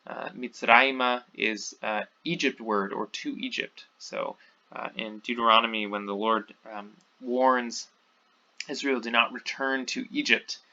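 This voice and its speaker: A man's voice: medium pitch, fairly even intonation, measured pace, sharp tone. A man teaching a recorded class lecture in an informal way, with many fillers and restarts. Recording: dull lo-fi audio.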